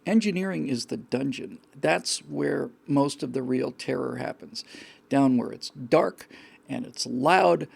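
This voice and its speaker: A man's voice: medium pitch, measured pace. A man hosting a show, talking casually and rambling about a film with many restarts. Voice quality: gravelly. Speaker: host.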